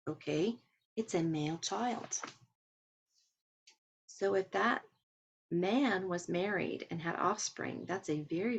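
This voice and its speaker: A woman retells a talk in a casual way. She quotes the speaker and breaks in with her own asides. Her voice sits fairly low and has a husky, gravelly texture. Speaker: transcriber retelling a webinar.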